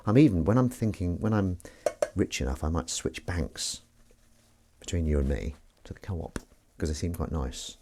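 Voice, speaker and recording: A man's voice: deep voice, normal speed, mellow, a little hiss or hum. A man hosting a live stream, chatting casually, joking and playing mock-outrage at the chat's comments. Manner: jokey, rambling, mock-outraged at chat.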